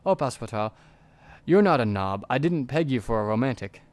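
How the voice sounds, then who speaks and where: A man's voice: mid-range voice, animated, fairly quick, a little mellow, dry recording, natural voice. A man reading aloud the lines of a young woman spy and former pickpocket in a game, in a lightly raised voice.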